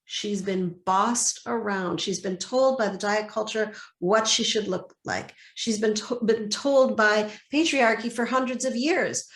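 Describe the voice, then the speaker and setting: A woman coach talking in an interview, lively and often acting out little inner dialogues. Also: medium pitch, measured pace, hardly any pauses. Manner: animated, acts out inner dialogues. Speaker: guest, body-peace coach. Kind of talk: interview conversation. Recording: echoey room.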